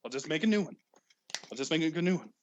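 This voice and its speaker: A man's voice: a little high, lively intonation, fast, dull audio, slight background noise. A young man hosting a casual podcast chat, giggly and self-mocking. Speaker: podcast host.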